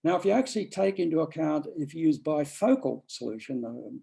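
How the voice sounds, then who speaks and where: A man's voice: on the high side, animated, a little fast, creaky, dark tone, breathy edge, poor audio. A man giving an academic seminar talk, rambling with frequent restarts and fillers. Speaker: lecturer.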